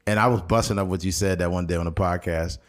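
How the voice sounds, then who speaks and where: A man's voice: deep voice, fast. A man co-hosting a podcast, telling stories in casual chat and breaking into mocking impressions, with a California accent. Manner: animated storyteller, jumps into loud mocking impressions. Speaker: podcast co-host.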